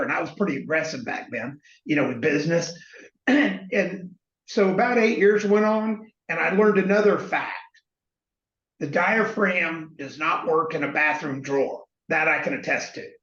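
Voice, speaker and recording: Middle-aged male guest, high pitch, animated storyteller; echoey, muffled recording. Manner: animated anecdote teller, acts out quoted voices. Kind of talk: storytelling in conversation. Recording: echoey, slightly dull sound.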